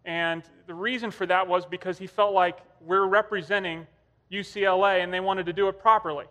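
A man's voice: sits high, fairly even intonation, fairly quick, pushed and bright. A man preaching a sermon, telling stories in a conversational way. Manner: conversational storytelling. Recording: long hall reverb.

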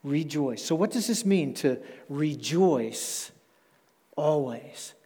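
A pastor delivers his sermon in a warm, mellow voice, measured and emphatic, stretching out the words he wants to land. He speaks from the front of a church sanctuary, and long reverb from the hall trails behind each phrase. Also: on the high side, animated, slightly rough. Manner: measured, emphatic, slows down to stress key words.

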